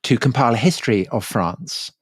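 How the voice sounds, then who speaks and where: A man's voice: medium pitch, expressive, brisk, husky, dry recording, studio quality. Wry male podcast host. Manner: amused, wry banter. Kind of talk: casual chat.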